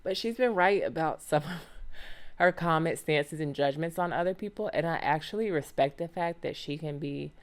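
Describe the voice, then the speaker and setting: A woman's voice: sits low, normal speed. A woman hosting a solo podcast, talking casually and animatedly with slang and lots of exclamations and rhetorical questions. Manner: slangy and conversational. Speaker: podcast host.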